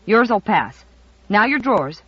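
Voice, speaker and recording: A reader doing a sharp, nosy old grandmother. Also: medium pitch, very animated, slow, husky, highs cut off, heavily acted. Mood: scolding. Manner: sharp, critical, blunt. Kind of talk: audiobook character voice.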